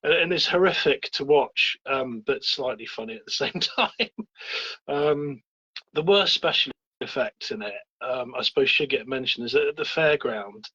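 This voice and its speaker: A man co-hosting a film podcast, talking in a rambling, halting way with lots of fillers and restarts. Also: mid-range voice, pushed and bright, husky, lo-fi sound. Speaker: podcast co-host. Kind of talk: casual film chat.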